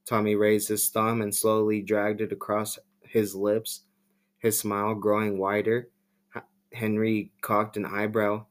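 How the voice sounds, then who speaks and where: Male podcast host narrating horror; low, slow, casual asides. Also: flat delivery. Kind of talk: casual horror story reading.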